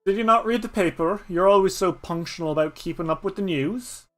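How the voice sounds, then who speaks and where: A very old, fussy postman rattles on in a quick, folksy patter, his voice pitched well above the speaker's own, as a man puts him on. He coaxes and chats from behind thick glasses in a tabletop storytelling game. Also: a bit bright, soft background music. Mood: coaxing.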